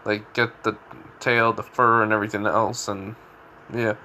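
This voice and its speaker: A man's voice: lowish voice, flat delivery, a little slow, sharp tone, slight background noise. Rambling young-sounding man retelling a story. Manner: rambling, full of "like" and restarts.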